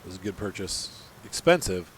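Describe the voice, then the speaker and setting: A man's voice: deep voice, big pitch swings, fairly quick, noisy background. A man hosting a farming game let's-play, talking casually and rambling as he plays, with some teasing banter. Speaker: gaming channel host.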